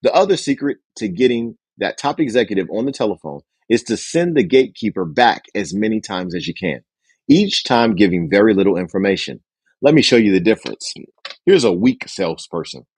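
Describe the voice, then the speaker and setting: Male host reading a sales book; low husky voice, lively intonation, dry close sound. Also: a little fast, no echo. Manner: acts out phone dialogue with raised pitch for characters.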